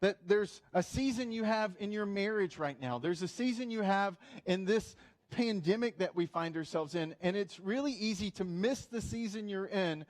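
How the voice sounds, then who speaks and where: High-voiced man preaching a lively sermon. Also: normal speed. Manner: animated, humorous, with playful asides. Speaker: pastor. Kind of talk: conversational sermon.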